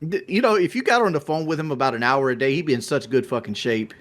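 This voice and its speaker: A man's voice: mid-range voice, quick pace, a bit bright. A blunt man on a podcast, dismissive and swearing.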